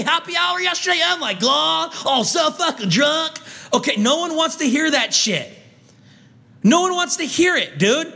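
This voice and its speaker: Angry high-voiced man ranting and swearing. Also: sharp tone. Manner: heated, swearing constantly, stumbling restarts. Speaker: vlogger. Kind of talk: angry profane rant.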